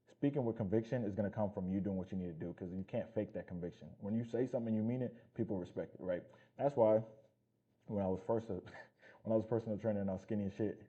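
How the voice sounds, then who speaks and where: A fitness coach giving blunt, profane motivational talk in a casual vlog. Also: male voice, lowish voice, mellow, husky, lo-fi sound.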